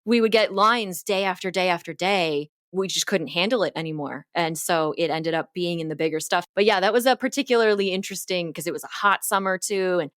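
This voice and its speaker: A young woman co-host with a slightly low voice, steering a relaxed chat and laughing often. Her voice sounds dry and close to the mic. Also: fairly quick, hardly any pauses, dry recording. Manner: laughs often, moderates the conversation. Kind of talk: casual chat.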